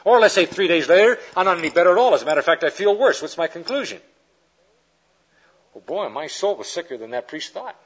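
The recording is muffled as a fast-talking man with a husky, high voice preaches a lecture-style sermon. Lively and animated, he acts out each quoted character in his illustrations.

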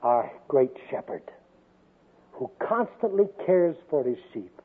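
Older preacher with a tinny, husky voice. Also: male voice, on the high side, sing-song, slow pace. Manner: storytelling, swings from loud emphasis to soft hush. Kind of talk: sermon. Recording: tinny phone-like radio sound.

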